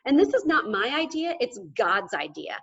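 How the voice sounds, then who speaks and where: Woman, fairly high voice, energetic motivational speaker, emphatic, live event talk, slightly muffled recording. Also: normal speed, gravelly, breathy edge. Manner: energetic, emphatic, keeps asking "okay?".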